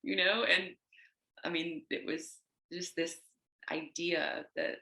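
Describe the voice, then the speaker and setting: A woman poet from the United States, a guest on a video call, talking in a discursive, animated way and wandering onto tangents. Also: on the low side, takes it slowly, vocal fry, roomy sound. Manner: animated, acts out quoted voices. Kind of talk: casual conversation.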